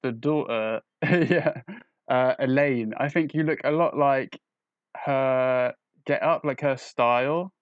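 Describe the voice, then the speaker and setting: A man's voice: mid-range voice, slow, smooth, no room sound, muffled recording. A young man chatting on a podcast, rambling and joking with many restarts. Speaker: podcast co-host. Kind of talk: casual chat.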